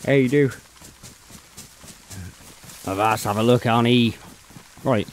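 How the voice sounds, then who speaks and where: Playing a survival game on stream, a Bristolian man keeps up relaxed, chatty gaming talk and says mate often. He speaks slowly at a medium pitch with fairly even intonation and long pauses.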